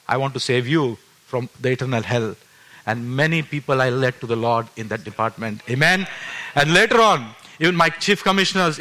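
A pastor in his fifties giving his testimony in a sermon, earnest and full of restarts, moving between loud emphatic peaks and hushed low passages. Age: 50s. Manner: earnest storytelling with frequent restarts.

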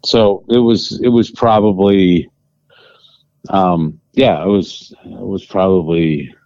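A man from Wisconsin answers interview questions in a lowish voice, hesitating often with "um" and "kinda." The sound is dry and dull, with lo-fi muffling. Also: steady tone, takes it slowly, dark tone, no echo. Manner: hesitant, many fillers, "kinda". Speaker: interview guest.

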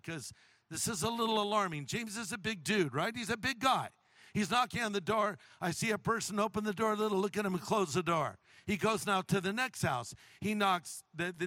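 A man preaching a sermon as a pastor, telling a humorous story with lively delivery. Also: high voice, dry recording.

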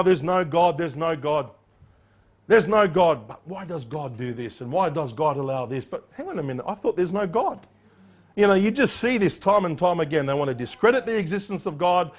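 A man preaching an expository sermon, emphatic and animated, acting out the voices in the passage he reads. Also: fairly high pitch, a little fast. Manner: emphatic, acts out quoted voices.

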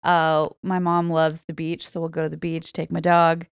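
Female church podcast co-host, lowish smooth voice, dry booth sound, cheerful chat. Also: completely flat delivery, moderate pace, dry recording. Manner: cheerful, chatty.

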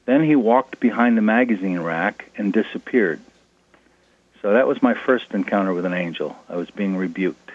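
A man, a guest author, telling personal stories in an interview in a relaxed way with fillers. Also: on the low side, normal speed. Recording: tinny phone line.

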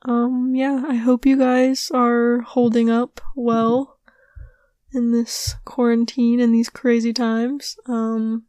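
A young woman hosting a podcast, telling a rambling story in a casual way, her voice hoarse and giving out, with lots of giggles and fillers. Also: a little high, level tone, takes it slowly, mellow, dry recording. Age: young adult. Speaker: podcast host.

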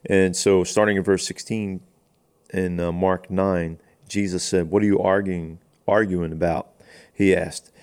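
A man with a very deep, low-pitched voice reads a scripture passage and unpacks it in plain conversational talk. As a pastor co-hosting a podcast, he pauses to think aloud and voices the quoted lines in an easygoing way. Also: level tone, a little mellow, smooth. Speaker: pastor co-host of a faith podcast. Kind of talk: reading and explaining scripture in casual chat.

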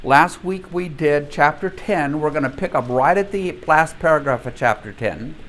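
A man in his seventies teaching a church Bible study class in a chatty, animated way, quick to laugh. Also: a little high, slight background noise. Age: 70s.

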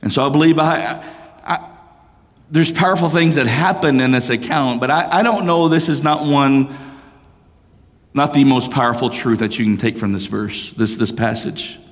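A man preaching a sermon as pastor, swinging between raised, urgent passages and hushed, slow ones. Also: mid-range voice. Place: church sanctuary. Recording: long hall reverb.

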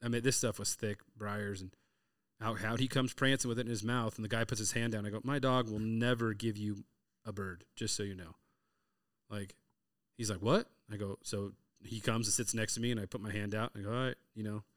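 A podcast host in his thirties talks fast in a lowish voice, and the studio-quality audio has no room sound. In a casual chat, he animatedly retells hunting anecdotes packed with quoted dialogue.

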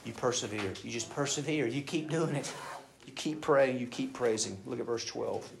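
A man preaching a sermon. He reads scripture aloud, then speaks directly to the congregation, moving between loud emphasis and hushed asides. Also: medium pitch, moderate pace, gravelly, noisy background. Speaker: pastor.

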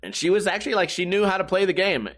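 A man talking on his own in a loose, rambling monologue, swearing often. He slips into mocking impressions of other people as he goes. His voice sits a little higher than most men's. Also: animated, fairly quick, fairly bright tone. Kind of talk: casual monologue.

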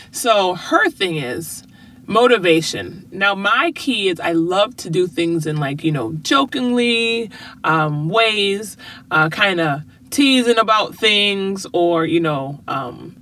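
A mother speaks straight to her viewers with earnest, motivational parenting advice. Her voice is bright and forward. She often asks rhetorical questions and then answers them herself. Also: mid-range voice, a little hiss or hum.

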